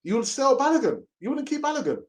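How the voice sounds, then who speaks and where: A man's voice: very high-pitched, sing-song, fast talker. A man hosting a casual live stream, reading chat messages aloud, laughing and mockingly acting out pleading voices. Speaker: host of a fan channel reading live chat.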